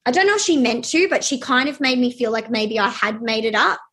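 A young adult woman telling a personal story in a halting way, with many fillers and restarts. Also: on the high side, animated, fairly bright tone.

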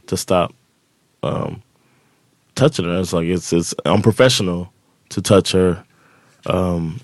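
A man with a fairly low voice tells a personal story on a podcast, casual and animated. He slips into the voices of the people in his story as he goes. The sound is dry and close, with no room around it. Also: no echo. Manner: animated storytelling, acts out quoted dialogue. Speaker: podcast co-host. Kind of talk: casual chat.

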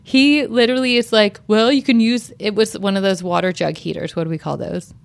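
A woman in her thirties co-hosts a podcast in easy, chatty conversation. She tells stories and jumps into a brighter, higher voice when she acts out what people said. Her voice sits in a middle range and sounds close and dry. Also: steady tone, fairly quick, gravelly, dry recording. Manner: chatty storyteller, acts out quoted lines in a higher voice. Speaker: podcast co-host. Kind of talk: casual chat.

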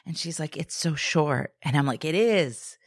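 A low-pitched woman co-hosting a podcast tells a story in an easy, chatty way and slips into the voices of the people she quotes, dropping "like" and "dude" all the time. The sound is close and completely dry, with no room echo. She sounds like she's in her thirties. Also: normal speed. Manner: animated, acts out quoted voices, says "like" and "dude" a lot. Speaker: podcast co-host. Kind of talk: casual storytelling chat.

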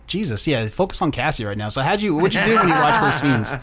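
A man's voice: fairly high pitch, big pitch swings, quick pace, very noisy. A man hosting a casual podcast, joking and teasing his co-hosts. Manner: joking, teasing, laughs often. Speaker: podcast host. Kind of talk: casual crude chat.

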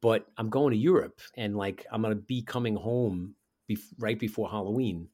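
A man's voice: lowish voice, moderate pace. A man from New York with a borough accent, chatting casually as a musician and mimicking people in his stories. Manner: animated storyteller who mimics people he knew. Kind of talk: casual chat.

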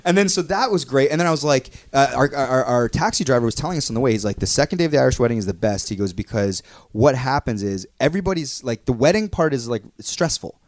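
Guy rambling excitedly, talks super fast, dry close sound. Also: mid-range voice, dry recording. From Canada. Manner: excitable, rambling, heavy use of "like" fillers. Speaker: podcast co-host. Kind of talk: casual chat, storytelling.

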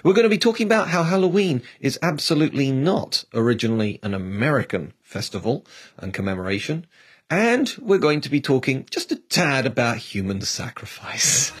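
A man's voice: mid-range voice, lively intonation, normal speed, breathy edge. A man hosting a history podcast in a chatty, upbeat way, laughing easily. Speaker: podcast host. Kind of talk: casual history podcast chat.

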